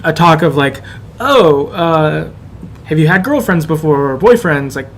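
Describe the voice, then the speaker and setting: A man's voice: a little high, expressive, a little slow, fairly bright tone, slight background noise. A man co-hosting a podcast, recapping a story game in casual, rambling chat with lots of fillers. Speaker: podcast co-host.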